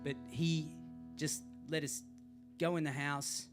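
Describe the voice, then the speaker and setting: Rambling musician telling a story. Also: male voice, a little high, little pitch movement, slow, loud music behind the voice. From Australia. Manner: rambling, self-deprecating, many fillers. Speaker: singer-songwriter. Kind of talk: storytelling between songs at a live gig.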